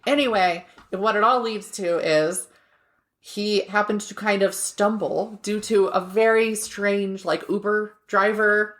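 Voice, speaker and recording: A woman's voice: mid-range voice, fairly even intonation, slow. A woman co-hosting a podcast, chatting casually and retelling a show, laughing often. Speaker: podcast co-host. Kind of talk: casual chat.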